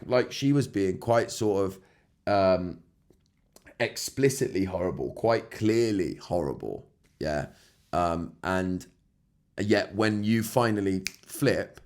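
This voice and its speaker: Low-voiced man chatting candidly on a podcast. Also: darkish tone. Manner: candid and conversational, swears casually, laughs now and then; checks in with "right?" and "yeah?". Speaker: podcast host. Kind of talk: casual solo monologue.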